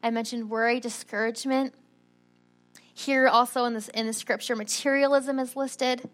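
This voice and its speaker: A woman giving a sermon, telling a personal story in a chatty, animated way. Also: on the high side, normal speed. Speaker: preacher.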